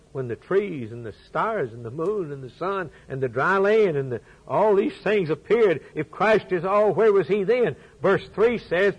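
A man preaching a sermon, telling a story and quoting scripture, swinging from loud emphatic peaks down to low, quiet phrases. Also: slightly rough, low-quality recording.

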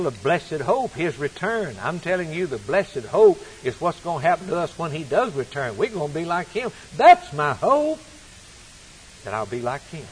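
A man preaching a sermon, swinging from loud, rising appeals to hushed, low passages. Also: a little hiss or hum, low-quality recording.

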